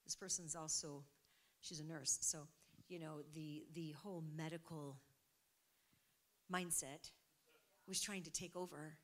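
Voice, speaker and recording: A middle-aged woman preaching, telling a testimony in an animated way and acting out what people said. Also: sits low, a little slow, pauses often. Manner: animated storytelling, acting out quotes, laughing. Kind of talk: sermon testimony.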